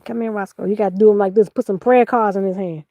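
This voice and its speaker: A woman's voice: medium pitch, fairly even intonation, quick pace, no room sound, narrow, tinny audio. A woman hosting a live-stream sale in casual chat, teasing and laughing as she reads out viewers' comments.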